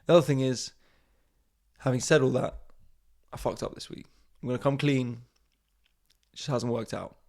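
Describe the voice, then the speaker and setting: Chatty comedian with a gravelly voice. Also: male voice, medium pitch, steady tone, moderate pace, pauses often, a little mellow. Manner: chatty, swears freely, mocking asides. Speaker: comedian and podcast host. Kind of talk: casual rambling monologue.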